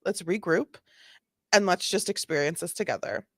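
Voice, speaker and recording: A woman's voice: lowish voice, moderate pace, a bit bright, no room sound, clean studio sound. A woman hosting a casual commentary on bodycam footage, sassy and exasperated, repeating her points. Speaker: host.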